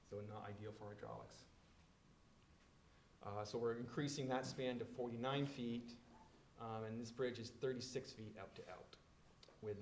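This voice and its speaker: A man walks a public board through engineering details, explaining as he goes and leaning on plenty of ums and uhs. His voice sits at an ordinary middle pitch. The room carries a noticeable echo with a faint rumble underneath. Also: a little mellow. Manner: explanatory, many fillers. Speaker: bridge engineer presenting. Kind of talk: meeting presentation.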